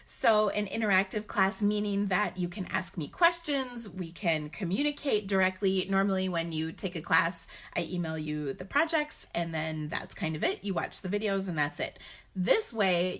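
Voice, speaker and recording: A woman's voice: medium pitch, fairly bright tone. A woman hosting a live card-making stream, talking in a chatty, rambling way with many fillers. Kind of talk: casual live-stream talk.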